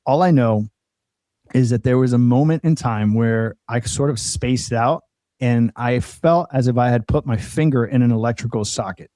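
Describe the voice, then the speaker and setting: A man from Colombia tells his life story as a guest on a talk show, earnest and conversational. His voice is mellow and warm. The sound is close and dry, with no room around it. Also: medium pitch, moderate pace, no echo. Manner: earnest storytelling, quoting others in dialogue. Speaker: podcast guest. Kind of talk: personal testimony in casual conversation.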